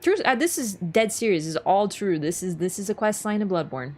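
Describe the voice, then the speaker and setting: A woman's voice: medium pitch, expressive, brisk, soft background music. A young woman streaming a video game, chatty and casual, swearing and laughing as she talks. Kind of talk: gaming stream commentary.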